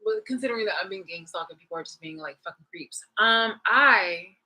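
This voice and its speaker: A woman's voice: mid-range voice, expressive, a little fast, bright, forceful tone, low-quality recording. A woman vlogger in a casual, rambling, profane monologue, retelling a movie clip with bursts of laughter.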